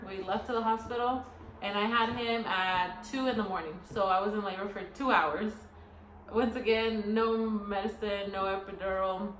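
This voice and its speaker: A young woman chatting casually as a co-host, telling a long story in a rambling, animated way. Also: medium pitch. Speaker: podcast co-host. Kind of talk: casual chat. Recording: echoey room, faint noise.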